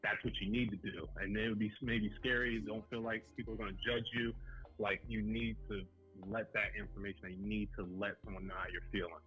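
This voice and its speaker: Young man, podcast guest, halting and earnest, low pitch, faint background music. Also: fairly even intonation, dull audio. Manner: earnest, halting, many fillers. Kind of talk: conversational interview.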